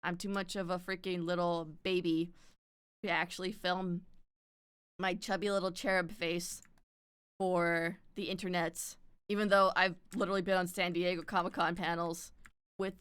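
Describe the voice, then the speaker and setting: A woman streamer rambles casually to her chat while she draws. Her voice is bright and crisp. She swears freely and breaks into laughter often. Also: fairly low pitch, little pitch movement, moderate pace, no room sound.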